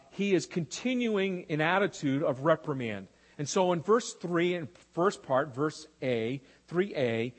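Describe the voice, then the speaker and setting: A man's voice: on the high side, in a large hall. A man preaching a sermon as pastor, praying and then teaching with rhetorical questions.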